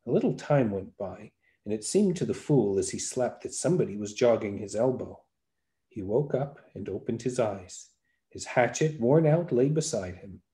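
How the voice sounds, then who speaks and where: A man narrating a folktale aloud with a lively, varied storytelling delivery. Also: fairly low pitch, normal speed. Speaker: podcast storyteller.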